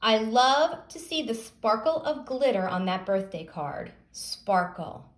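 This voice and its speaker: A woman teacher giving a phonics lesson, sounding out words slowly and asking young pupils questions. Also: on the high side, lively intonation.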